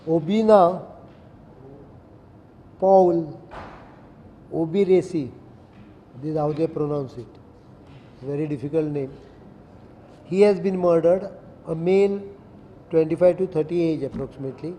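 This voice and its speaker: A middle-aged man with an Indian English accent speaks in a firm, measured way at a press briefing. His voice has a very dark, mellow tone that sits a little high. The room is echoey, with faint noise behind him. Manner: firm, deliberate, reads out legal sections. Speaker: chief minister. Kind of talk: press statement.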